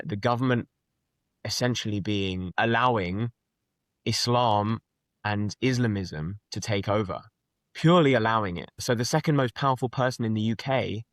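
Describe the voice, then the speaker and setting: A man's voice: lowish voice, dry recording. Earnest young man. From London, England. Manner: earnest, emphatic, restarts a lot. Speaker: guest. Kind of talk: conversational interview.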